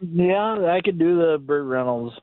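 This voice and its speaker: A laid-back man calling into a radio show with a slightly high voice. He drawls slowly and vaguely. The call comes through a thin, tinny phone line with no room sound. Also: lively intonation, smooth, no echo. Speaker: caller.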